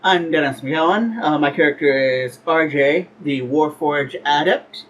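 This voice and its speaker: A man introducing his character in a tabletop game, hesitant and full of pauses and fillers. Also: a little high, a bit bright, muffled recording, a little hiss or hum.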